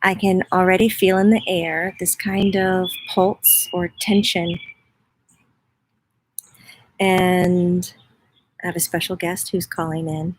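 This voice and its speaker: A woman's voice: fairly low pitch, level tone, slow, pauses often, a little hiss or hum. A woman hosting a casual livestream outdoors in her front yard, chatting and greeting viewers by name. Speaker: host, spiritual medium.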